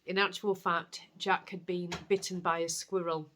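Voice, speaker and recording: A woman with a Yorkshire accent hosting a knitting podcast, telling stories in a chatty, animated way. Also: lowish voice, moderate pace, a little hiss or hum. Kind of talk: casual chat to camera.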